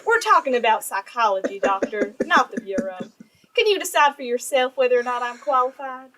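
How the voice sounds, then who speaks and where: Brief: woman doing a bright, high Southern-accented trainee, earnest and polite. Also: expressive, fairly quick, low-quality recording. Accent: put-on American Southern. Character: young female trainee agent, earnest. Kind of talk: live staged script reading.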